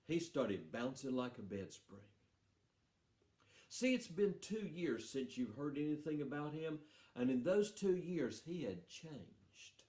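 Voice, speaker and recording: A man spinning a folksy, playful tale for a young audience, his voice leaping up and down with lively expression. His words carry through a roomy, reverberant hall. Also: mid-range voice. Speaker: storyteller. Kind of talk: live storytelling for schoolchildren. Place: festival stage.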